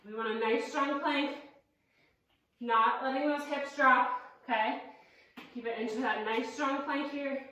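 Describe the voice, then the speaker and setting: A woman's voice: high-pitched, steady tone, measured pace, long pauses, bright, forceful tone, very echoey, far from the mic, low-quality recording. A woman instructing a cardio workout, counting reps and cueing moves, out of breath, with upbeat coaching and self-deprecating asides. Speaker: fitness instructor.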